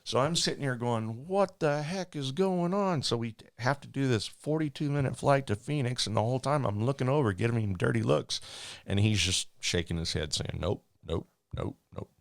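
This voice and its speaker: A man working as a flight attendant, telling a story in a rambling, animated way with many restarts. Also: fairly low pitch, vocal fry, no room sound, studio quality. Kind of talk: casual storytelling.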